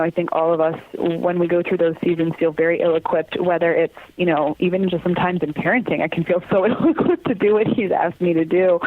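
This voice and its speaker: A woman's voice: fairly low pitch, dry recording. A woman guest on a podcast interview, earnestly telling personal stories and laughing often as she talks. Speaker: interview guest, theater company communications manager. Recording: tinny phone-line sound, dry.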